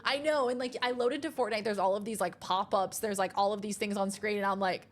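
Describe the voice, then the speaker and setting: A young adult woman streaming a game, chatting casually with her chat, excitable and easily rattled. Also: mid-range voice, fast talker, few pauses.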